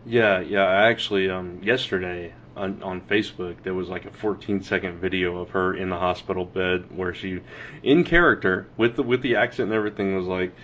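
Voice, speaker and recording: A young man from Texas co-hosts a wrestling podcast in an easygoing, low voice, laughing often and restarting his sentences. The sound is dull and lo-fi, with a faint hiss behind him. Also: brisk. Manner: relaxed, laughs easily, hedging restarts. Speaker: podcast co-host. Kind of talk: casual wrestling chat.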